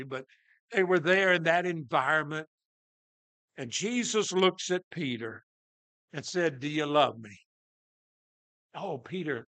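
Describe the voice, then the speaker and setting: A man preaching a sermon, retelling a story dramatically and swinging from loud to hushed. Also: sits high, no room sound.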